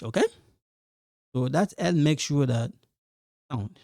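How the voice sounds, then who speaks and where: Male teacher, slow and patient, mellow low-key tone, dry close sound. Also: expressive, creaky, dry recording. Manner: slow, repeats example sentences, switches between French and English. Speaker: French teacher. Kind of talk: language lesson explaining pronunciation.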